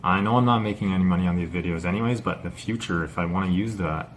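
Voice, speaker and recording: Low-voiced man vlogging, halting and rambling. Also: slight background noise. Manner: rambling, halting, many fillers and restarts. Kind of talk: casual unscripted vlog talk.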